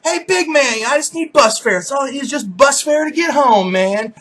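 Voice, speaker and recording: A man doing a wheedling husky street beggar. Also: very high-pitched, animated, normal speed, a bit bright, pitched above the performer's own voice. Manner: wheedling, overly familiar. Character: pushy adult male street beggar.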